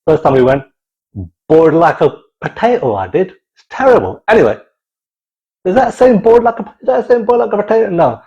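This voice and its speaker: A man telling a comic story in an animated, digressive way, full of exclamations. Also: high voice, normal speed, lo-fi sound. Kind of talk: comic monologue.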